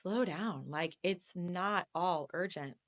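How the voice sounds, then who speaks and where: A woman guest on a podcast, telling candid personal stories in an animated, conversational way and laughing often. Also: lowish voice, slow. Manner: animated, laughs often, acts out quoted voices. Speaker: real estate agent, podcast guest.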